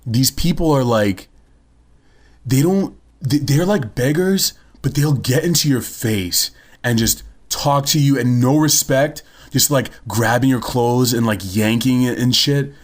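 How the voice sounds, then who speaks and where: A man's voice: medium pitch, a little slow. Blunt young man telling a story. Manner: blunt, swears freely, tells stories. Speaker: podcast co-host. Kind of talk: casual chat.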